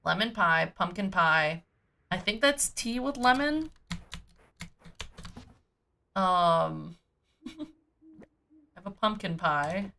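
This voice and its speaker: A woman with a lowish, sharp, expressive voice takes her time, pausing often and using vocal fry. She's streaming a cozy farming game from her home setup, casually and goofily chatting to herself while humming and scatting as she sorts items.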